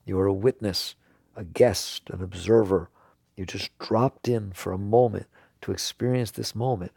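A man giving an earnest spiritual talk to an audience, now and then laughing and jumping up in pitch for emphasis. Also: steady tone, moderate pace, creaky, a little mellow, husky, no room sound, studio quality. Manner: earnest, laughs and jumps high when emphatic. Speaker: spiritual teacher.

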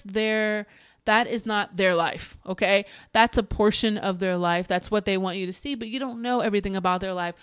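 A woman's voice: medium pitch, clear, resonant tone, no echo, clean studio sound. A woman hosting a faith podcast, talking earnestly to encourage her listeners, repeating phrases for emphasis and dropping in casual asides. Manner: conversational with fillers and quick asides. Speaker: podcast host. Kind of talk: faith-based encouragement monologue.

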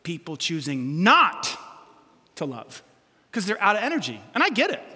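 A man preaching a sermon as pastor, animated and humorous, acting out quotes from everyday life. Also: sits high, normal speed, breathy edge, long reverb tail.

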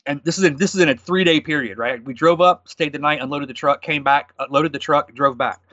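A man in his thirties telling a story from his working life in a quick, animated conversational way, quoting people as he goes. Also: on the high side, no echo, highs cut off. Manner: fast, animated storytelling with quoted dialogue. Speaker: guest.

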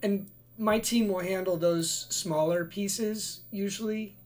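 A man's voice: high voice, fairly even intonation, slow, a little mellow. A man, a location manager, talking in a laid-back, easygoing way as a guest in a casual chat, thinking aloud.

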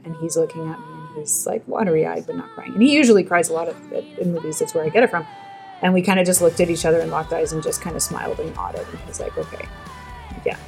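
A woman, a podcast guest, talking about a film in an animated, earnest way at length. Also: lowish voice, creaky. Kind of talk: casual film discussion.

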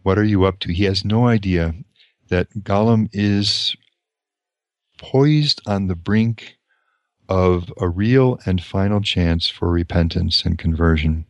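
A priest reading from a novel and reflecting on it in a slow, measured way with pauses. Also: male voice, low voice, no room sound.

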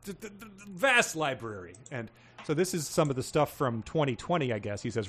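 A man's voice: mid-range voice, sing-song, normal speed, a bit bright, breathy edge. A man co-hosting a podcast, casually reading listener emails aloud with wry humor and frequent chuckles. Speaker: podcast co-host.

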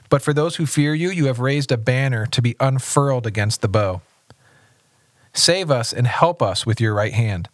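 A man, a pastor, reading scripture aloud in a measured, steady voice and discussing it on a podcast. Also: medium pitch, dry recording, studio quality.

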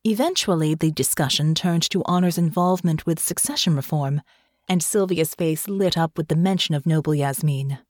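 A woman reading an audiobook in a measured, even narration. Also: sits low, dry recording, clean studio sound.

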